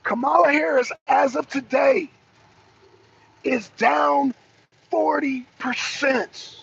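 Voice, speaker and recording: Speaking slowly with frequent pauses, a woman with a high, creaky voice and fairly even intonation hosts a political livestream. She answers people in the chat and emphatically returns to the same rhetorical questions again and again. Her audio is lo-fi and dull, carrying faint noise.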